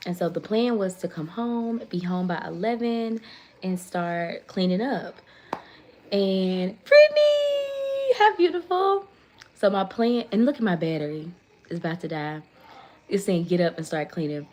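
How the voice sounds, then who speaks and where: A woman tells a long story on a casual livestream, talking into her phone. Her voice sits on the low side and she keeps the retelling animated and chatty. She stops now and then to thank viewers by name. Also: normal speed, slight background noise. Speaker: livestream host.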